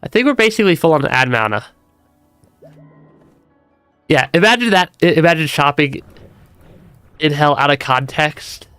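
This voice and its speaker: A man's voice: on the high side, expressive, normal speed, long pauses, fairly bright tone, clean tone, no room sound, faint music behind. A man streaming a game with a stuffy nose, chatting casually, laughing often and restarting his sentences. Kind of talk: casual gameplay commentary.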